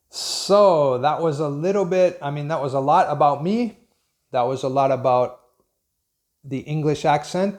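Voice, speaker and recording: A man's voice: medium pitch, darkish tone. Frank, rambling American man. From Pennsylvania, USA. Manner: rambling, frank, chuckles at his own points. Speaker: English teacher. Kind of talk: casual unscripted talk to camera.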